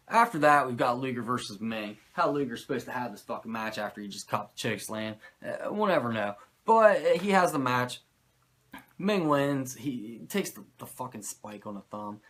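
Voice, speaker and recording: A man hosting a podcast, recapping a show in animated, profane, sarcastic casual chat. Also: medium pitch. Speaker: podcast host recapping wrestling.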